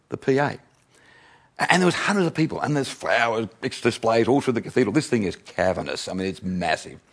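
Older male pastor, self-mocking sermon storyteller, mid-range voice. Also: medium pitch. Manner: chatty, self-mocking, laughs with congregation.

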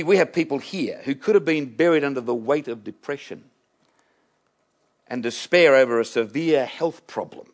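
Male minister, sermon delivery, fairly high voice, emphatic and repetitive. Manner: emphatic, with rhetorical questions and repetition. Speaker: minister preaching an Easter sermon.

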